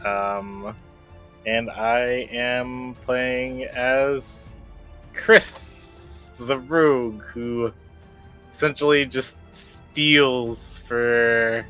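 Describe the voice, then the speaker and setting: A tabletop player speaking slowly and haltingly with many fillers. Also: mid-range voice, fairly even intonation, a bit bright, clean tone, faint music behind. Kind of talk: casual chat around a game.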